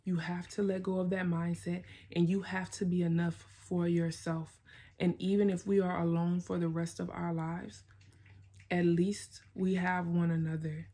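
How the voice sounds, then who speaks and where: A woman's voice: on the low side, little pitch movement, moderate pace, mellow, breathy edge. A woman vlogger giving herself a blunt, emphatic pep talk, swearing and repeating herself for emphasis. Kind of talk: self-directed pep talk.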